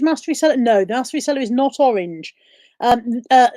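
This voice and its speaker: A woman's voice: fairly high pitch, lively intonation, brisk, mellow, no room sound, studio quality. A woman hosting a casual live stream, reading viewer comments and questions aloud and answering them.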